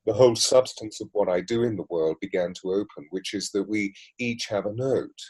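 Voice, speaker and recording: A man with a low, dark, husky voice talks in a measured, flowing way. He answers interview questions and builds his points with long lists and repetitions. His tone is reflective. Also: poor audio. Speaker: voice coach and mystic guest.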